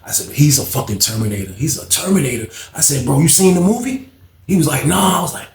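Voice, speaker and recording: A man with a gravelly voice telling a story in an animated way and acting out what other people said. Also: a little high, fast talker, roomy sound. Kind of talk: storytime monologue.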